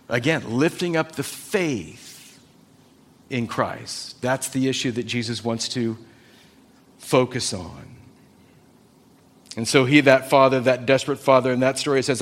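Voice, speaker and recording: A man preaching a sermon, retelling stories and acting out the quoted voices, slowing down on the key lines. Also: mid-range voice, lively intonation, a bit bright. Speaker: pastor.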